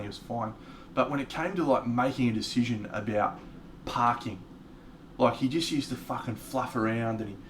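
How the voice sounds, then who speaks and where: Australian male streamer, loose profane storyteller, mid pitch, faint ambient noise behind. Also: fairly bright tone. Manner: rambling, profane, frequent restarts. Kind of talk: casual storytelling on a live stream.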